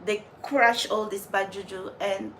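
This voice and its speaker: A woman's voice: medium pitch, steady tone, measured pace, a bit bright, slight background noise. A woman who channels spirit messages, ranting angrily on her vlog with swearing and lots of "like". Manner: ranting with profanity and repeated "like". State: angry. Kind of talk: unscripted angry vlog rant.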